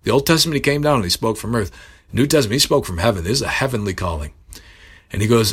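Earnest low-voiced male preacher. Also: lively intonation, quick pace, breathy edge. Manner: earnest, rising to emphatic bursts, self-correcting. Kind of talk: sermon.

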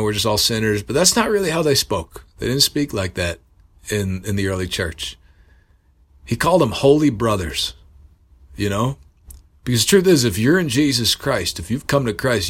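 A man preaching a sermon, earnest and building to emphatic bursts, pausing to correct himself. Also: medium pitch, lively intonation, fairly bright tone.

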